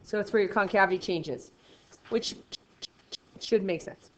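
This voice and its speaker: A woman's voice: medium pitch, unhurried, lo-fi sound, a little hiss or hum. A woman teaching a math lesson in a casual, encouraging way, often asking questions and answering them herself. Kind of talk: classroom lecture.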